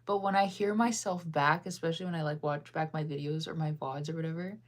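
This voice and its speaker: A fast-talking American woman in her thirties keeps a steady tone as she chats casually on a livestream and reads messages from chat. Her deep-sounding voice wanders through rambling talk full of ums and laughs.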